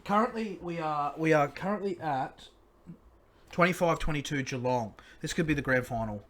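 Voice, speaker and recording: Animated Australian man telling stories. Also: on the high side, normal speed. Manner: crude, animated storyteller. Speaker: podcast co-host. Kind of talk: casual sports podcast chat.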